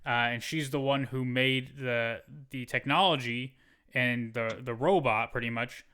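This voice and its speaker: A smooth, mid-range male voice, a little slow, belongs to a podcast co-host recounting a movie's plot. The movie review chat is casual, and his animated retelling is full of swearing.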